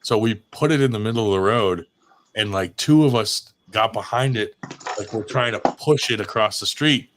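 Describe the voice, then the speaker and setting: A man's voice: lowish voice, moderate pace. A man telling prank stories in casual chat, swearing often and laughing as he goes. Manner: profane, laughing storyteller. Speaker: podcast co-host. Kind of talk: casual storytelling.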